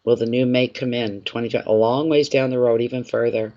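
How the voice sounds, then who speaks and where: A man's voice: mid-range voice, steady tone, brisk, a little mellow, muffled recording. Man doing a live tarot reading. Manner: repeats phrases, speaks directly to viewers by name. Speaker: tarot reader.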